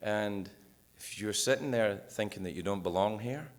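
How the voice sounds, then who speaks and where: A man's voice: fairly low pitch, moderate pace. A man speaking candidly at a recovery meeting, swearing freely and joking with the room. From United States. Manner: swears freely, jokes, shifts between loud bursts and quiet asides. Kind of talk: personal recovery talk, profane and candid. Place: meeting hall with audience.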